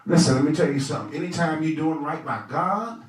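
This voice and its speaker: A man, a pastor, teaching Sunday school with animated, conversational storytelling. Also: fairly high pitch, a little fast. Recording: echoey room from a distant mic.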